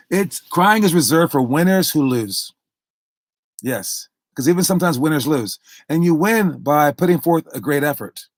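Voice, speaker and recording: A man's voice: medium pitch, no echo, studio quality. A man who coaches basketball, talking casually on a live stream, lecturing through a story and acting out the quotes.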